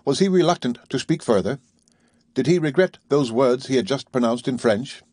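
Guy reading an old novel audiobook, kinda husky, dry close sound. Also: mid-range voice, lively intonation, moderate pace, a little mellow, no room sound. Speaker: audiobook narrator. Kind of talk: scripted audiobook narration.

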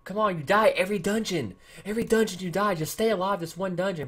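Husky young man scolding his game heroes. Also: sits high, fast, hardly any pauses. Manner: yelling at his game units, pleading and scolding. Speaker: gaming channel host. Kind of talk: excited let's-play commentary.

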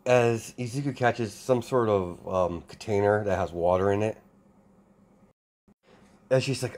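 A man improvising fan-fiction narration in a casual, halting way, with many restarts and fillers. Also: fairly low pitch, a little mellow. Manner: hesitant, full of restarts and fillers. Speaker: storyteller.

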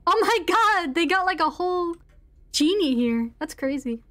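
A woman's voice: extremely high pitch, lively intonation, moderate pace, fairly bright tone. A young woman streamer giving live gaming commentary, giggly and reactive, swearing and exclaiming often.

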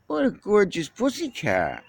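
A man's voice: high-pitched, huge pitch swings, measured pace, gravelly. A man filming and fussing over a cat he just met, talking to it in cooing baby talk, outdoors on a phone camera. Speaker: cat owner filming a stray.

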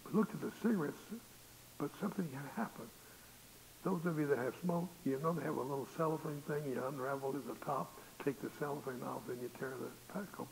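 An older male pastor delivers a folksy storytelling sermon in church, acting out the voices in his tales. He speaks fairly quickly at a fairly high pitch with vocal fry. The low-quality recording is hissy with faint noise.

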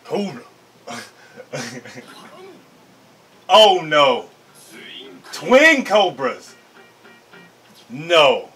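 Male anime reactor, bright high voice, laid-back pace, slangy and excitable. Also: drawn-out words, long pauses, faint music behind. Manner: hyped, slangy, laughs often. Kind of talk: excited casual reaction commentary.

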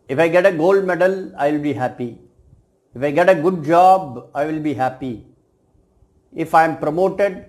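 A cosmetic science lecturer addresses his students in a reflective video talk, speaking in measured phrases that often end with "right?". His voice is on the high side with a darkish tone.

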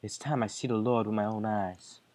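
A man voicing a devoted female servant in a game playthrough, calm and resolute. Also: lowish voice, normal speed, no room sound, pitched below the performer's own voice, natural voice. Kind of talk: let's play voice acting.

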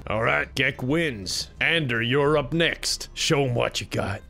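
A man's voice: medium pitch, takes it slowly, gravelly, bright, forceful tone, soft background music. A man commentating a game, joking and laughing often, sometimes in a put-on cowboy voice. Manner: laughs often, playful, jokey. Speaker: gaming YouTuber.

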